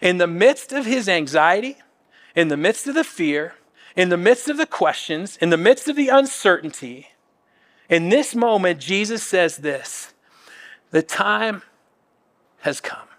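Male pastor, high voice, earnest and chatty delivery, echoing sanctuary reverb. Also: animated, unhurried, fairly bright tone. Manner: earnest, conversational preaching with dramatic quoted asides. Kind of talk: sermon.

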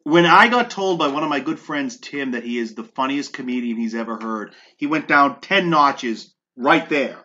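Grumpy ranting man, bright voice. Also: mid-range voice, animated, moderate pace, few pauses, lo-fi sound. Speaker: podcast co-host. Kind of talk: casual comedy podcast chat.

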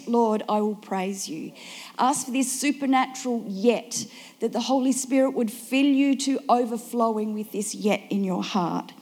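Woman pastor, sermon, earnest and reflective, a little high, reverberant hall. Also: a little mellow. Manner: earnest, reflective preaching with frequent fillers.

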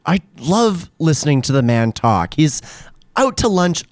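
A man co-hosting a talk radio show, wry and halting, often restarting his sentences. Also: fairly high pitch, sing-song, dry recording. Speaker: radio co-host.

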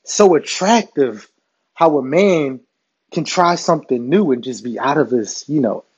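A man's voice: on the high side, a little slow, a little mellow, slightly rough, highs cut off, pitched below the performer's own voice. A man quoting a bold, seductive adult woman in his story, in a coaxing, suggestive tone.

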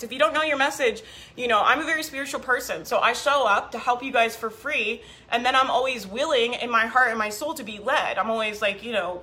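A woman's voice: on the high side, sharp tone. Upbeat woman coaching on a live stream. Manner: upbeat, emphatic, repeats key phrases. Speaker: online business coach. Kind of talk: live stream chat, reading viewer comments.

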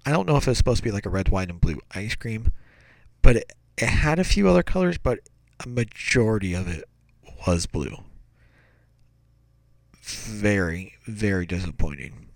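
Gravelly man telling a rambling story. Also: fairly low pitch, moderate pace, long pauses, dry recording. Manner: rambling, self-correcting, animated. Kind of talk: casual storytelling.

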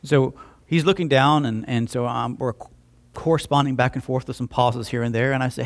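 A man's voice: medium pitch, fairly even intonation, fairly quick. A man pastor preaching a conversational sermon, telling a story and acting out both sides of the dialogue, often restarting with repeated words.

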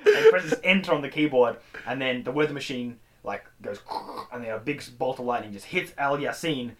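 A man's voice: mid-range voice, brisk, a crowd in the background. A male podcast co-host telling a made-up movie plot in casual, comedic chat and acting out voices and sound effects.

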